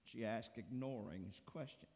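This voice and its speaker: A man preaching a sermon as pastor, telling a story slowly and deliberately. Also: lowish voice, darkish tone, husky. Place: church sanctuary. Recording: long church reverb.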